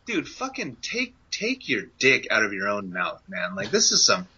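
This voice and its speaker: A man's voice: fairly low pitch, huge pitch swings, moderate pace, pushed and bright, breathy edge. A man co-hosting a podcast, ranting with lots of swearing and sarcastic mock quotes. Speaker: podcast co-host. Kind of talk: casual podcast rant. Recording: dull lo-fi podcast audio.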